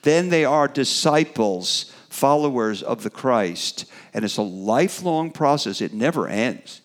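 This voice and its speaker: A middle-aged man preaching a sermon, animated, building to emphatic peaks and trailing off with fillers in between. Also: medium pitch, unhurried.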